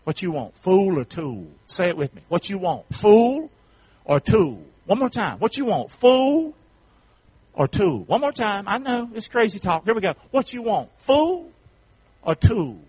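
High, lively preacher man. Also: moderate pace, hardly any pauses, breathy edge. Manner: call-and-response preaching, rising to repeated shouted questions. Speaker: pastor. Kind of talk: sermon.

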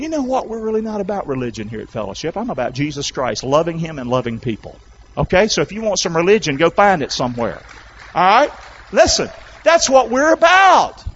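A male pastor preaching a sermon, calling out to the congregation and rising to shouts. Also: on the high side, dull audio, a little hiss or hum. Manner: loud call-and-response preaching, rising to shouts.

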